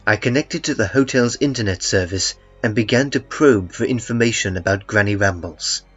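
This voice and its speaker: A man reading a first-person horror story in a calm, dry, understated way. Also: fairly low pitch, normal speed, slightly rough. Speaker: narrator. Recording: muffled, with faint music beneath.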